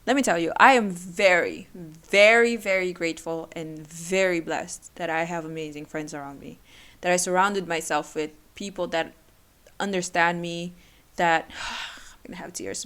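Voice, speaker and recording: A young woman hosting her own podcast, talking emotionally and haltingly, tearful at times. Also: lowish voice, fairly bright tone. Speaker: podcast host. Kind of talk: personal solo podcast.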